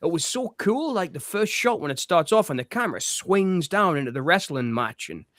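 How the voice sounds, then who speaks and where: Enthusiastic man, slightly high voice. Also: lively intonation, moderate pace, fairly bright tone, no echo. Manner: enthusiastic, rambling, laughs often. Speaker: co-host. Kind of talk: casual film chat on a livestream.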